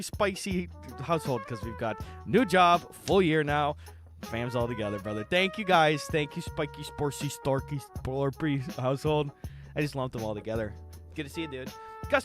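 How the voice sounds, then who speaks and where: A man chatting casually on a live stream, animated, jokey and full of swearing. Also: fairly high pitch.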